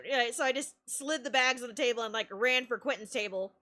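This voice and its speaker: A woman streamer telling a story in casual chat, animated and laughing often, with sudden excited shouts. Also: fairly high pitch, brisk.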